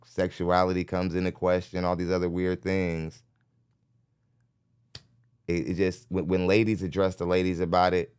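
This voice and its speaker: Deep-voiced, blunt male podcast host. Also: a little mellow, clean tone. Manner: blunt, laughing, addresses chat directly. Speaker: podcast host reacting to a clip. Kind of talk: live reaction commentary. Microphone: studio mic.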